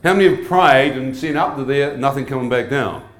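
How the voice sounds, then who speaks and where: Speaking a little fast with lively intonation and a medium pitch, a male preacher gives a humorous testimony sermon. He keeps asking the congregation questions, and the sound is roomy and echoey like a church hall.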